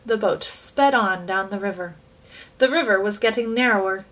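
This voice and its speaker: A woman reading a children's book aloud with expressive, animated storytelling. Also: mid-range voice, normal speed, poor audio. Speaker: reader.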